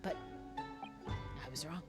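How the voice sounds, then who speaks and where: A woman reading the lines of an earnest young male law student aloud from a game, in a quiet, low, solemn tone. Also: slow pace, loud music behind the voice, lightly acted.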